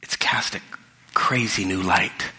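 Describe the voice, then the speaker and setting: A middle-aged pastor speaks in a low-pitched, whispered voice that is still bright and forceful, moving a little slowly. He tells his sermon in a casual storytelling manner and often restarts sentences, with a church hall's long reverb around him.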